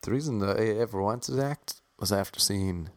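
A man's voice: on the low side, fairly quick, no room sound. A young Irish man telling comic stories about auditions in a wry, self-deprecating way, often switching into voices for the people he quotes. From Ireland. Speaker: aspiring comedic actor. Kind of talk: casual comic storytelling.

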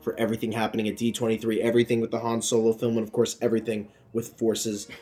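A man's voice: fairly low pitch, completely flat delivery, fast, dark tone. A young man co-hosting a casual podcast, rambling and laughing easily. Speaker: podcast co-host.

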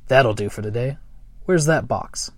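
A man's voice: medium pitch, unhurried, no echo, studio quality, close to an everyday voice. A man reading a storybook aloud and voicing a friendly, curious young male troll with an eager, good-natured manner. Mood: offhand.

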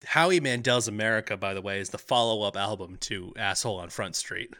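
A man co-hosting a comedy film podcast, playful and quick with jokes in casual chat. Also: lowish voice, pushed and bright, no room sound, clean studio sound. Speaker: podcast co-host.

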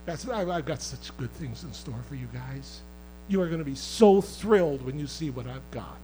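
Impassioned preaching man, lively pitch. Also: moderate pace, slight background noise, poor audio. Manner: impassioned, swings between loud outbursts and quiet asides; conversational, teasing the congregation. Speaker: pastor. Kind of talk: sermon.

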